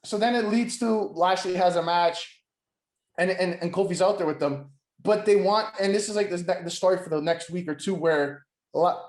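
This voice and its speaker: Rambling, high-voiced man in an echoey room. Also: normal speed. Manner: rambling, full of "like" and restarts, acts out quotes, swears. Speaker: podcast co-host. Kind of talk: casual wrestling podcast chat.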